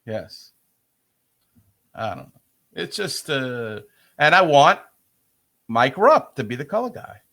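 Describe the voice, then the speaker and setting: A man's voice: mid-range voice, very animated, takes it slowly, vocal fry, long pauses, sharp tone. An older man with a New York accent, co-hosting a casual sports podcast and ranting grumpily. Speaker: podcast co-host.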